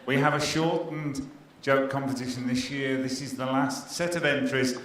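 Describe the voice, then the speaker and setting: A middle-aged man comparing a stage competition, telling jokes with deadpan punchlines and teasing the live audience. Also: medium pitch, normal speed, a little hiss or hum. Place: stage in a pier theatre before a live audience.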